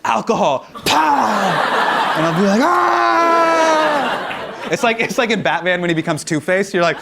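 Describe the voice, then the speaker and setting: Over a noisy crowd, a high-pitched man talks in rapid bursts while hosting a comedy show in a studio before a live audience. He takes audience questions, laughing and animatedly acting out quotes. Loud crowd and background noise fill the recording.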